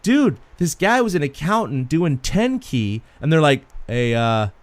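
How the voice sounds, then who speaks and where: A man co-hosting a sports podcast, an animated storyteller who laughs often in casual chat. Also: fairly high pitch, a little slow, no room sound. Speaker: podcast co-host.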